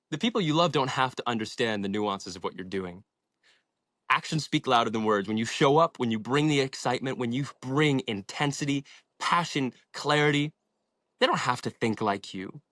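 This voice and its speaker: A man's voice: medium pitch, expressive, moderate pace, a bit bright, dry recording, clean studio sound. Passionate young man telling his story. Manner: passionate, inspirational, swears freely. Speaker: podcast guest. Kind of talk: casual storytelling in an interview.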